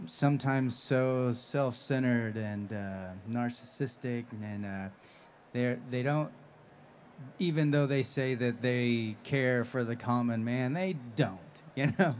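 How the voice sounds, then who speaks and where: A man's voice: medium pitch, slight background noise. A man who works as a voice actor, answering audience questions on a convention panel, chatty and laughing often as he tells stories. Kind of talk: live panel Q&A storytelling. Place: convention stage.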